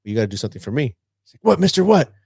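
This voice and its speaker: Animated storytelling man, dry close mic. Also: mid-range voice, very fast, gravelly, husky, no room sound. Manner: animated, acts out a student's lines. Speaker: teacher and podcast co-host. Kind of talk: casual storytelling chat.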